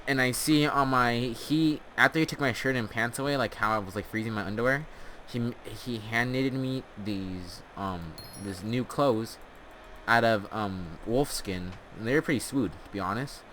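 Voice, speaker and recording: Rambling young-sounding man, bright tone. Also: mid-range voice, moderate pace, slight background noise. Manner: meandering, filler-heavy, deadpan absurd. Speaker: storyteller host. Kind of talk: rambling comic storytime.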